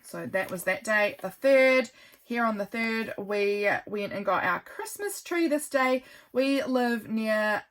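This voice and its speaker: A woman's voice: fairly high pitch, animated, takes it slowly, a bit bright. A woman, chatting casually and gushing as she flips through her handmade journal, thinking aloud. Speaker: craft vlogger.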